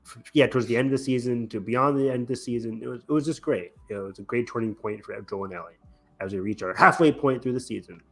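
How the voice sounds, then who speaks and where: A man co-hosting a casual pop-culture podcast, talking excitedly and laughing often. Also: mid-range voice, fast talker, creaky. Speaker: podcast co-host. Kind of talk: casual chat reacting to a trailer. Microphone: remote call setup.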